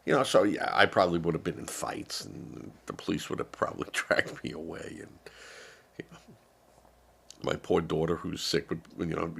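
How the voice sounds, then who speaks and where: Older man, deep gravelly voice, slow rambling sarcastic stream commentary, sounds unwell. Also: slight background noise. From United States. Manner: rambling, sarcastic, many fillers. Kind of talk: casual political commentary.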